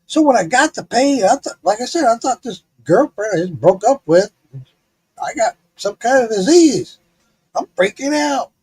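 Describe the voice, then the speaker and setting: A man's voice: very high-pitched, moderate pace, husky. A middle-aged man streaming live, telling a story in a casual, profane way, laughing often. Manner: profane, laughing, animated retelling.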